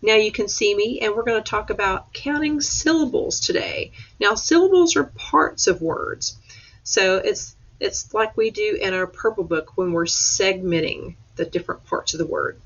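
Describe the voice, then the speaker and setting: A woman teacher, giving a patient, step-by-step remote class lesson over a webcam. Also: medium pitch. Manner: slow, patient step-by-step instruction. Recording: dull lo-fi webcam audio.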